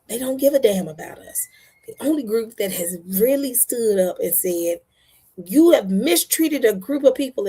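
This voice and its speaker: A husky-voiced woman, talking straight to her viewers. She is blunt and impassioned and hammers her points home by repeating them, all in a loose, casual commentary style. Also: medium pitch, darkish tone. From United States. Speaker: online show host.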